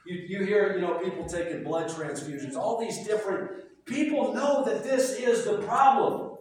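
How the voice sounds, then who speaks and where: A man preaching a sermon as pastor, animated and telling stories with voiced asides. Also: high voice, moderate pace. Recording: echoey hall from far off.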